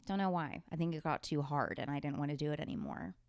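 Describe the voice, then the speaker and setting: A woman's voice: low voice, fast, clear, resonant tone, no echo, studio quality. A young adult woman hosting her podcast from a beanbag at home, casual, playful and self-mocking, swearing freely. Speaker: podcast host. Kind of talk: casual chat.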